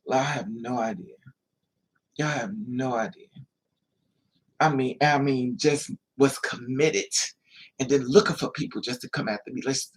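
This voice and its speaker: A man speaking in a confessional vlog monologue, rambling in halting restarts and repeated phrases. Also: a little high, fairly bright tone, husky. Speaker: vlogger.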